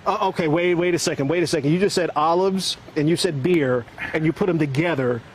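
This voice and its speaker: Male TV reporter, high voice, upbeat and playful, live from a fair food stand, faint outdoor noise. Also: brisk, low-quality recording. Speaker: TV morning reporter. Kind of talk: live TV field segment.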